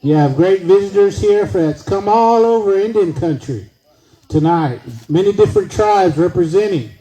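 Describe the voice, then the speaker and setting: A man's voice: high voice, animated, moderate pace, dark tone, poor audio. A man emceeing an outdoor evening event, upbeat and rousing the crowd. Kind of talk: hosting a live event.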